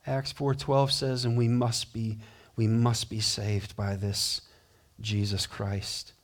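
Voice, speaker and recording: A pastor preaches with animation, taking it slowly as he acts out the voices he quotes and moves between loud declarations and soft, low passages.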